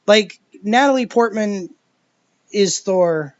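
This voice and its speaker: Brief: exasperated male commentator, high voice, profane rambling rant, dull dry recording. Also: moderate pace, no room sound. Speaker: video commentator. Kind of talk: ranting commentary monologue.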